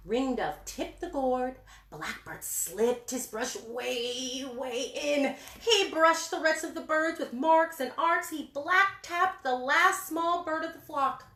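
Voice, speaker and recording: A woman reading a picture book aloud to young children, animated and singsong, asking them questions as she goes. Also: high-pitched, takes it slowly. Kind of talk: children's story time read-aloud. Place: indoor room with books. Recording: echoey room.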